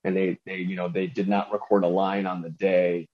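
A man's voice: deep voice, flat delivery, normal speed, dull audio. A man, a voice actor, chatting loosely on a podcast and rambling between thoughts. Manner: rambling, drops into celebrity impressions. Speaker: voice actor guest. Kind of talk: casual podcast chat.

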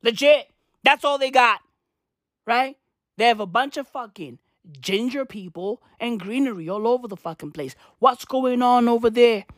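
A woman's voice: a little high, moderate pace, no echo, studio quality. Slangy, profane young woman ranting. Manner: slangy, profane, repetitive, laughs at own jokes. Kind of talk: profane comic rant.

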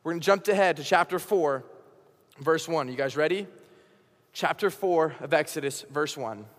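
A young man, a high school pastor, giving a casual youth sermon and acting out the dialogue in his stories. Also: normal speed, long reverb tail. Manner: casual, animated storytelling with acted-out dialogue.

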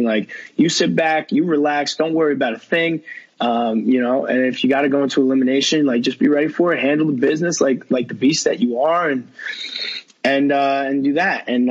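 Rambling man with a husky voice. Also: medium pitch, dull audio. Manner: rambling, heavy on fillers and quoted dialogue. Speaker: podcast guest. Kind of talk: casual storytelling.

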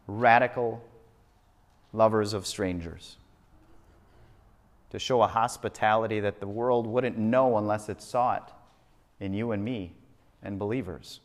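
Man preaching in an echoing hall. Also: medium pitch. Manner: emphatic, repeating phrases for effect. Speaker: pastor. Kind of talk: sermon. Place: church sanctuary. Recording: long reverb of a church hall.

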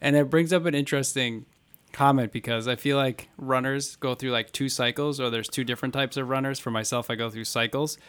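A man's voice: medium pitch, fairly even intonation, brisk, fairly bright tone, clean tone. Upbeat man hosting a podcast. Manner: upbeat, joking, reads ad with acted anecdotes. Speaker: podcast host. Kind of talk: casual podcast chat.

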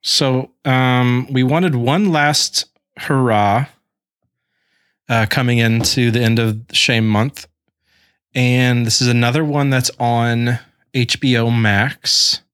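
A man's voice: mid-range voice, steady tone, slow pace, fairly bright tone, clear, resonant tone, dry recording. A man co-hosting a podcast in jokey, casual chat. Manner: jokey, giggly. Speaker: podcast co-host.

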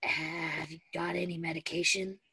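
A woman reading the lines of a gruff, impatient young male werewolf, speaking low and quiet. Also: flat delivery, moderate pace, full character voice, low-quality recording.

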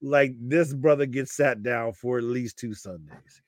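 A man co-hosting a podcast, telling a story in a lively way, laughing often and acting out what people said. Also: mid-range voice, a little slow, no room sound, studio quality. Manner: animated storyteller, laughs often, acts out quotes. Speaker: podcast co-host. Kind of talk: casual chat, storytelling.

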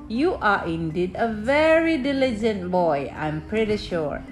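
A generous giantess speaks kindly and slowly, as a woman reader puts her on. Her voice drops a little below the reader's own and stays lively in its pitch. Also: soft background music. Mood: approving. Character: generous female giant, kind and approving.

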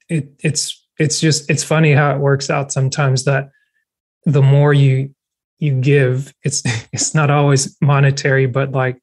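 A man in a casual conversation, talking reflectively and haltingly with many restarts. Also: mid-range voice.

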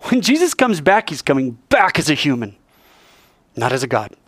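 A man giving an informal sermon with a lively, swinging delivery, slightly higher-pitched than most. The sound is dry and close. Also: moderate pace, husky, dry recording. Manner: animated, playful, acts out scenes. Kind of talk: casual sermon.

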